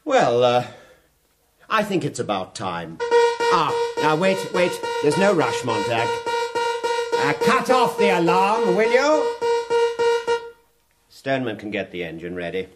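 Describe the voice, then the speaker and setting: An actor playing a sly, mocking fire captain in a radio drama, quoting verse in a smooth, taunting manner. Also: male voice, mid-range voice, wildly swooping pitch, unhurried, long pauses, over loud music. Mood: coaxing. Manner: silky, taunting, quotes verse at length.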